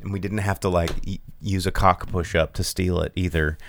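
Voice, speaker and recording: A man's voice: deep voice, steady tone, a little fast, vocal fry, a little hiss or hum. A young man hosting a podcast, ranting sarcastically in casual chat and swearing freely. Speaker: podcast host.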